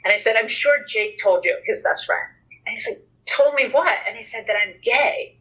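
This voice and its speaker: A woman guest on a podcast, telling a personal story in an earnest, animated way, acting out the dialogue as she goes. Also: mid-range voice, brisk, low-quality recording. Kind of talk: conversational storytelling.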